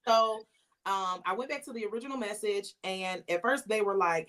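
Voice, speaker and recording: Animated woman telling her story. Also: lowish voice, fast talker. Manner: animated, acts out quoted lines. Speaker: interview guest. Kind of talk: casual storytelling.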